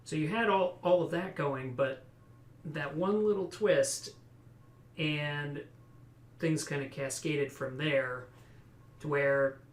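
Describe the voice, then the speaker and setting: A man's voice: a little high, slow pace, pauses often. A man co-hosting a podcast with a dry, sardonic manner, recalling a campaign as a player. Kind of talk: casual podcast discussion. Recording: roomy echo.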